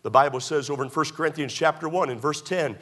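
A man delivers a Baptist sermon in a voice pitched a little above the usual male range. He drives his points with rhetorical questions and repetition, and he drops in folksy anecdotes between Bible passages. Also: fast talker, fairly bright tone. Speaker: pastor.

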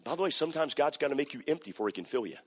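Man, preacher, husky voice, hushed then shouting, echoing church hall. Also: fairly high pitch, expressive, racing. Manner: swings from hushed storytelling to shouting. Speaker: pastor. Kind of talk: sermon. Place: church sanctuary.

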